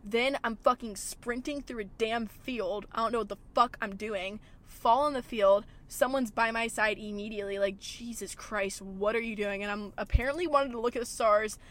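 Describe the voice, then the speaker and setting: A woman's voice: a little high, normal speed, hardly any pauses, a bit bright. A young woman hosting a podcast from a parked car, talking casually with lots of "like" and frequent swearing. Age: young adult. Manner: chatty, swears a lot, says "like" often. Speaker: podcast host. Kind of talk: casual chat. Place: car in a gas station parking lot.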